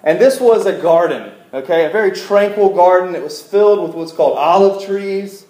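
A man's voice: sits high, moderate pace, a little mellow, reverberant, poor audio. A man preaching a casual, joking sermon to a congregation in a church, asking them to repeat words back to him. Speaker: pastor. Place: church service room.

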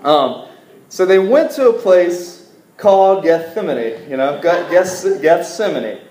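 A man's voice: high-pitched, expressive, takes it slowly, darkish tone, echoey room, poor audio. A man preaching a casual, joking sermon to a congregation in a church, asking them to repeat words back to him. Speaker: pastor. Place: church service room.

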